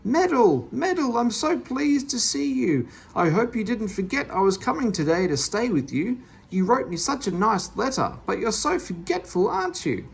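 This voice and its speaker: A reader voicing a fat, gushing older woman who greets her host warmly in a storybook read-aloud. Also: mid-range voice, sing-song, normal speed, gravelly, husky, voice pushed up, full character voice. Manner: gushing, fluttery.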